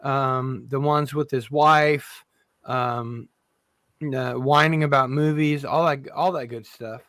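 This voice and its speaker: A man moderating a livestream panel debate, speaking slowly and asking the others to stay civil. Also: medium pitch, no echo. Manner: slow and measured, calling for calm.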